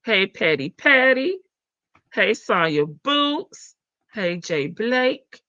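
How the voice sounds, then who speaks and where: Laughing and calling viewers "baby" and "child," a Southern-accented woman hosts a casual, folksy gossip livestream. Her mid-range voice is bright and forceful, very animated, and extremely slow. The audio is dull lo-fi stream quality, dry with no room sound.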